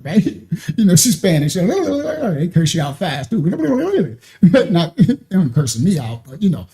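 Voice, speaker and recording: Man spinning a story, keeps laughing, high-ish mellow voice. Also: unhurried. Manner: animated, laughs often, acts out quoted voices. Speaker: show host telling a personal story. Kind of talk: casual storytelling.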